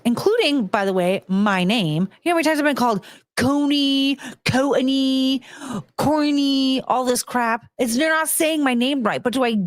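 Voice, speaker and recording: American woman streamer, ranting and profane, lively pitch, dry close sound. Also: no echo. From United States. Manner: ranting, profane, talks to chat. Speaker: streamer host. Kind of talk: casual livestream chat.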